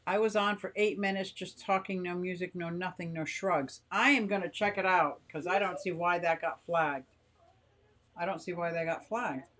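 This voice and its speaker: A woman's voice: fairly low pitch, normal speed, a bit bright. An older woman hosting a casual live stream from her home garage, chatting in a rambling way and reading viewer comments aloud.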